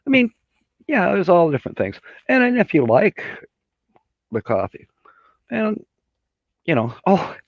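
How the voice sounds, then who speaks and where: A man's voice: mid-range voice, big pitch swings, measured pace, pauses often, no room sound, lo-fi sound. A man hosting a casual livestream chat, rambling in a folksy way and laughing at his own jokes. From Michigan. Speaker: livestream host.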